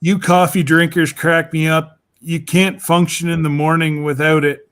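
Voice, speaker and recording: A man's voice: a little high, little pitch movement, normal speed, a bit bright. A man chatting casually on a video call, rambling and laughing often. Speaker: regular on a group chat show. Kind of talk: casual chat.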